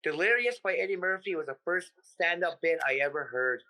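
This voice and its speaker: A man from the United States, a comedian guest in a casual interview, talking in an animated, profane way and acting out his stories. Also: fairly high pitch, fairly quick, rough recording.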